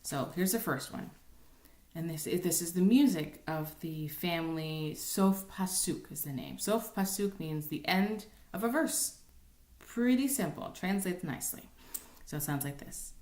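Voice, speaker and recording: A woman's voice: lowish voice, a little slow, darkish tone, roomy sound. A woman cantor explaining how to chant Torah in a casual lesson, with many ums and rhetorical "right?". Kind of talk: informal recorded lesson with sung examples.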